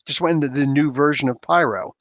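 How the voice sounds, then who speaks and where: Speaking quickly in a slightly high voice on a dry recording, this male comic book podcast host answers viewer questions. His chat is casual and animated, peppered with rambling asides and laughter.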